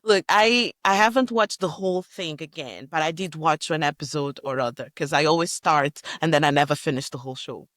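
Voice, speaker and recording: A woman co-hosting a podcast, agreeable and a little halting, often laughing along as she talks about a TV show. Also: deep voice, a bit bright, dry recording, clean studio sound. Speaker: podcast co-host. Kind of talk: casual chat recapping a TV show.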